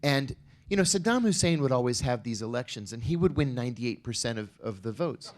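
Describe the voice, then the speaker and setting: A man's voice: mid-range voice, expressive, fairly quick, darkish tone. A middle-aged man speaking on a conference panel, telling a personal story with wry asides. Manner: storytelling, wry, acts out quoted exchanges.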